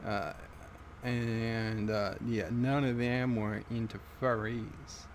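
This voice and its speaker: A man's voice: lowish voice, fairly even intonation, slow pace, a little hiss or hum. A man putting on a rambling country old-timer's voice, drawling through a folksy yarn.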